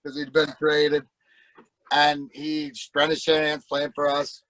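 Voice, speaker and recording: A middle-aged man tells rowdy, profane stories as a podcast guest, acting out other people's voices as he goes. His voice sits a little high, and the close podcast mic gives a dry sound with no room around it. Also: completely flat delivery, a little slow, fairly bright tone, no echo, low-quality recording. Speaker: guest, former hockey player. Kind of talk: casual storytelling.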